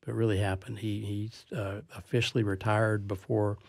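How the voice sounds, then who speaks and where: A man's voice: lowish voice, little pitch movement, normal speed, creaky, a little mellow. A man hosting a casual sports talk show, rambling with many restarts. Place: studio.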